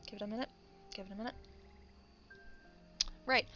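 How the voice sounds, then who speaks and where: A woman's voice: on the high side, animated, a bit bright. A woman chatting casually while she draws, rambling and laughing often as she talks. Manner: rambling, laughs often, acts out quick voices. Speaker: content creator. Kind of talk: casual chat while drawing. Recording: dull lo-fi mic with faint background music.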